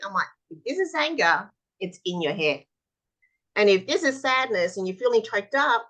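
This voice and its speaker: A woman's voice: mid-range voice, expressive, normal speed, fairly bright tone. A woman tapping practitioner, a podcast guest, telling stories animatedly and acting out children's replies in conversation. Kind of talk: conversational explanation.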